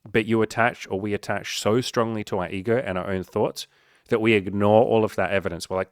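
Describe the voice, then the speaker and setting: A male life coach delivers a motivational monologue straight to the viewer, blunt and emphatic, swearing heavily and mocking the doubts in people's heads. His lowish voice is smooth with fairly even intonation and a brisk pace, recorded at studio quality with no echo.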